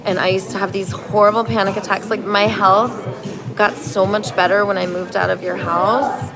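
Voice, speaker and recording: In a plain voice, a woman acting as an earnest mother pleads with her daughter, slow and heartfelt, in self-help phrases. Music plays behind her in this online clip. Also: medium pitch, level tone, close to an everyday voice. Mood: pleading. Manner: slow, earnest therapy-style speech.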